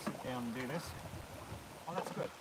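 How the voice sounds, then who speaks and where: A man talking quietly and briefly off to the side of a live stream, muttering short asides while he works outdoors by running water. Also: mid-range voice, moderate pace. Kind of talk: casual live-stream chat. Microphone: far from the mic. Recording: distant voice over loud water noise.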